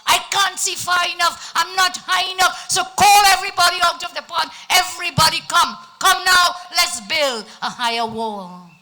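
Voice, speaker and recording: Brief: woman storyteller doing a boastful Trinidadian turtle king, commanding and loud. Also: extremely high pitch, moderate pace, hardly any pauses, a little hiss or hum. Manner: commanding, shouts orders.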